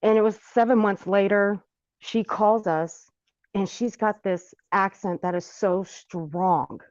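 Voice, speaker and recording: A woman in casual conversation, telling an animated family story and laughing often. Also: mid-range voice, slow pace, dry recording. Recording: dull muffled audio.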